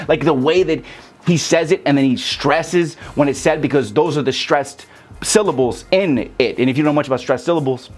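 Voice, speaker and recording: A young man with a fairly high voice talks fairly quickly as he gives a loose, casual rap lesson. Cursing freely, he breaks lyrics down vowel by vowel in this tutorial.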